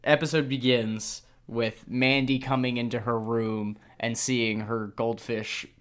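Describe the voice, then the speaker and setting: A man's voice: medium pitch, level tone, unhurried, fairly bright tone, smooth. A young man co-hosting a casual podcast chat, playful and wry, laughing easily. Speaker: podcast co-host.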